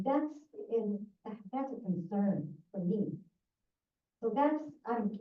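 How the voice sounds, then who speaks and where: A retired older woman giving a public comment at a town council meeting, emotional and growing exasperated. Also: mid-range voice. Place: council chamber. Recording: tinny, echoey, far from mic.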